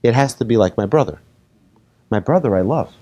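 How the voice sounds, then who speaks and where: A rabbi giving a lively talk to an audience, telling made-up stories and asking the listeners questions. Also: male voice, medium pitch, a little fast. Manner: animated, asks the audience questions, tells hypothetical stories. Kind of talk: lively lecture to a live audience.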